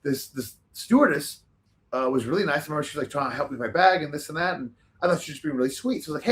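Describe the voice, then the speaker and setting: A man's voice: on the high side, animated, rapid-fire, fairly bright tone. A man as a podcast guest telling a long, rambling story in casual chat, swearing freely.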